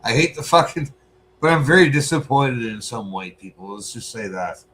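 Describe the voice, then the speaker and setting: A man, co-host of a podcast, telling a profane, animated story in casual chat. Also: medium pitch, moderate pace, slight background noise.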